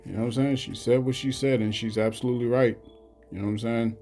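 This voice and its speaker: Halting mellow-voiced man preaching. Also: medium pitch, steady tone, faint music behind. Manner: halting, repeats "you know what I'm saying". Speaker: religious commentator. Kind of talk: scripture commentary vlog.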